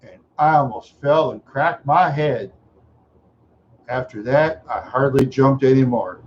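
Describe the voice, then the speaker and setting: A middle-aged man from Minneapolis tells rambling stories on a live stream, chuckling and making sound effects with his mouth. His mid-range voice keeps a measured pace, and the lo-fi recording sounds dull.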